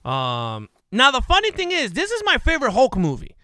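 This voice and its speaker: A man's voice: extremely high pitch, huge pitch swings, moderate pace, bright, forceful tone, dry recording, studio quality. A man co-hosting a podcast, laid-back, reading out viewer comments in casual chat.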